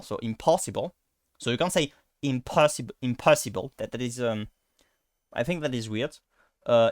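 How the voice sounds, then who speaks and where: A man's voice: mid-range voice, dry recording, clean studio sound. A man with a French accent and French as his first language, giving a casual pronunciation lesson with many fillers and restarts. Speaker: language teacher.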